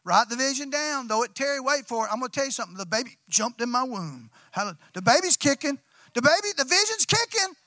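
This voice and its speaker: A man preaching, telling a story in a folksy, excitable way, restarting often and now and then breaking into loud shouts. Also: very high voice, quick pace, dry recording. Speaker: pastor. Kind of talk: sermon storytelling.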